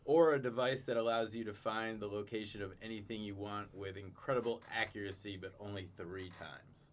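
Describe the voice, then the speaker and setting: Relaxed man hosting a casual podcast. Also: lowish voice, brisk. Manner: laid-back, reads would-you-rather questions, laughs often. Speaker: podcast host. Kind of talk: casual chat.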